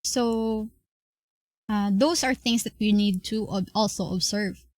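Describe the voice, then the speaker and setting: A young woman with a Filipino accent giving an online class lecture, explaining slowly with many fillers and restarts. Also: medium pitch, a little mellow, no echo. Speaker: class presenter.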